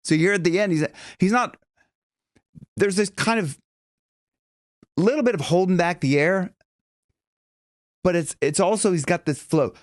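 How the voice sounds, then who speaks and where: A male vocal coach explains technique with a fairly high speaking voice. He talks in loose, halting restarts and takes audible breaths as he demonstrates. The recording is close and dry, with no room around it. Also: dry recording. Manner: loose, demonstrating, breathy gasps between points.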